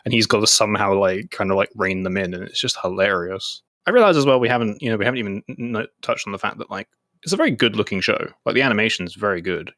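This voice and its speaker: A man co-hosting an anime podcast in casual chat, talking fast with lots of fillers and retelling scenes. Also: on the low side, animated, a bit bright, dry recording, clean studio sound. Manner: chatty, many "like" fillers, retells scenes in quoted voices. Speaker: podcast co-host.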